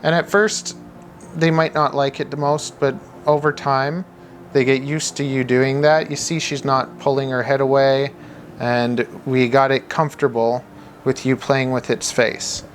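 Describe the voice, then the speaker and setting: A man's voice: little pitch movement, measured pace, slight background noise. A young man giving casual pet snake care tips in a rambling, chatty way, often restarting sentences. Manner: chatty, rambling with restarts, mimics owners in high squeaky voice. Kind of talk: casual instructional video.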